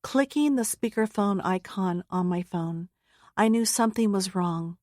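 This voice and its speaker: A woman narrating a first-person memoir audiobook in a measured, earnest, solemn way. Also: mid-range voice, darkish tone, no echo. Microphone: close studio mic. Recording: dry close studio sound.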